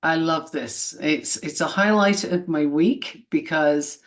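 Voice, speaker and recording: A woman's voice: deep voice, slow. Enthusiastic woman podcast co-host. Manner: free-flowing, enthusiastic, self-described witch. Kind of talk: casual podcast chat.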